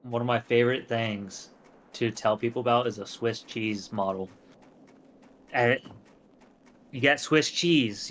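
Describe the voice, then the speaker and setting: A man co-hosting a gaming stream, speaking in a measured, explanatory way and working through his points with analogies. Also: mid-range voice, a bit bright. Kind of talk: casual chat while gaming.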